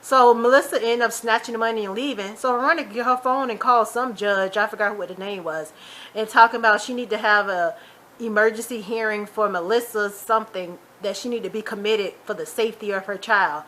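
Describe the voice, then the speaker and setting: A woman hosting a casual TV episode recap, chatty and animated, retelling scenes with quick asides. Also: medium pitch. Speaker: YouTube TV recap host.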